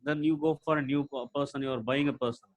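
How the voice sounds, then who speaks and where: A man on a webinar call working his way through a question, respectful and addressing the speaker as sir. He pauses often on "uh" while he searches for words. His voice sits at a middle pitch and sounds dry and close. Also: steady tone, dry recording, highs cut off. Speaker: webinar participant asking a question.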